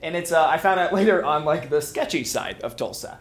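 A man's voice: fairly high pitch, animated, fairly quick. A man from Missouri telling a funny story on stage, often laughing at his own tale. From Springfield, Missouri. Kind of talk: live comic storytelling.

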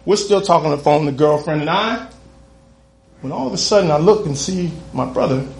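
A man telling a comic, profane story live on stage, with an animated delivery and cheeky asides. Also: a little high, a little fast, vocal fry, echoey room, slight background noise. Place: stage in a venue.

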